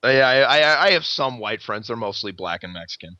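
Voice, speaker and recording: A man rambles through a profane story with a bright, forceful voice. He swears constantly and keeps the energy animated. The sound is dry and a bit dull, like a lo-fi podcast recording. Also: mid-range voice, brisk, no room sound. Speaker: podcast host.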